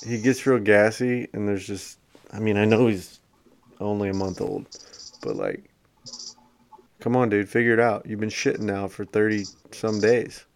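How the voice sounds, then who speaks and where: A man's voice: on the low side, lively intonation, normal speed, vocal fry. A man chatting casually and laid-back about his newborn and daughter, swearing and saying "dude" often. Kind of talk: casual chat.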